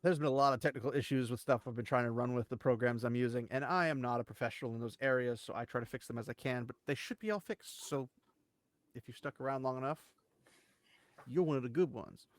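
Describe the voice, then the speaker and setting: A man hosting casual online commentary, rambling and animated, with big jumps in pitch to stress his points. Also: fast, no room sound. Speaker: channel host.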